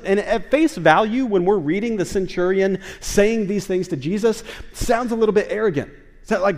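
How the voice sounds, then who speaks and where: High-voiced man preaching in a reverberant church. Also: a little fast. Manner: animated preaching, rising to loud emphatic bursts. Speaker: pastor. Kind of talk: sermon. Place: church sanctuary. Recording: long reverb of a church hall.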